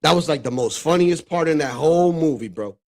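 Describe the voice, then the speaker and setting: Profane laughing streamer, slightly high voice. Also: male voice, animated, fairly quick, creaky, a little mellow. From Dominican Republic. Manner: loose, profane, laughs often, says "bro" a lot. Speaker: stream host reacting to clips. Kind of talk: casual reaction commentary.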